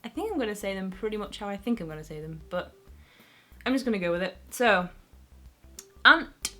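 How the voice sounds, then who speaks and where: A woman's voice: medium pitch, pushed and bright. A young woman with a Northern English accent, vlogging in a chatty way, thinking aloud and repeating words as she tests how she says them. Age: young adult. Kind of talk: casual chatty vlog.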